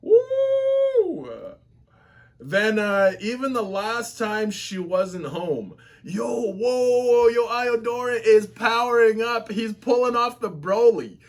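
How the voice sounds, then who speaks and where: A man giving casual, excitable, slang-filled reaction commentary as a webtoon reactor. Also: high voice, takes it slowly, few pauses.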